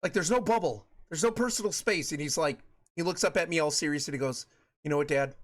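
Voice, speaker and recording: Talking fast and expressively in a fairly high voice, a thirty-something man runs a live game stream. He chats casually and meanders with his audience, full of repetitions and filler words.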